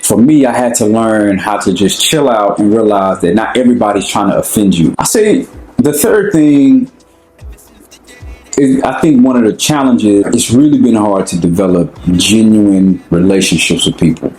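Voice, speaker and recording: A young African American man talks in a relaxed, conversational way, full of slang and asides. His voice sits low. The room around him rings with echo. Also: moderate pace, faint music behind. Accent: African American English. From United States. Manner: relaxed, conversational, slangy, often asks "you know what I'm saying". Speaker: interviewee. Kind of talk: casual personal talk.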